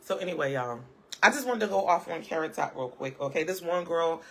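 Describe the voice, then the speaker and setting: Woman vlogger, off-the-cuff live-chat commentary, sharp bright tone, sassy and emphatic. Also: on the low side, lively intonation, brisk. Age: adult, parent of a school-age child. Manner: sassy, emphatic, punctuates points with "okay?" and laughs.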